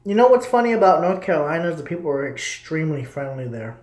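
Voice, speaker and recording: A man's voice: on the high side, a little fast, a little mellow. Rambling blunt man, roomy echo. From Texas. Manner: opinionated, blunt, swears casually. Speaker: live streamer chatting with viewers. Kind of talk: rambling casual live-stream chat.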